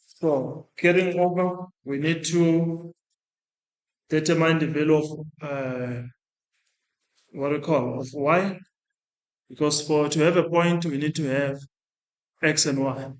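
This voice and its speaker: A man's voice: on the high side, fairly even intonation, takes it slowly, pauses often. A man teaching a maths lesson step by step, talking through his working aloud and often restarting or correcting himself. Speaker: maths lecturer. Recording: echoey room.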